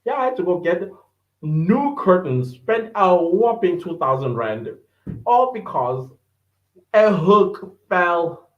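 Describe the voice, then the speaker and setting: This podcast host speaks slowly in a high-pitched, sing-song voice, laughing often as he chats casually on a livestream. Reading the live chat, he greets viewers by name. His recording has a dull lo-fi quality in an echoey room.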